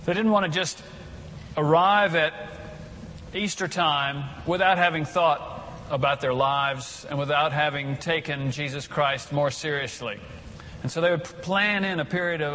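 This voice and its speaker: A male pastor preaches a sermon in a relaxed, talky way and now and then has the congregation recite a verse with him. His voice sits a little higher than most men's. The sound has a long reverb from a large church room, with a faint hum under it. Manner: conversational, leads the congregation in reciting scripture.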